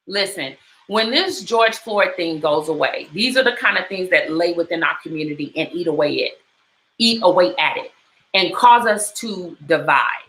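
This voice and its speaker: A woman's voice: lowish voice, expressive, moderate pace, a bit bright, echoey room, poor audio. A middle-aged woman hosting a talk, speaking with passion and retelling a story in repeated, emphatic phrases. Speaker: host. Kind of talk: personal commentary talk.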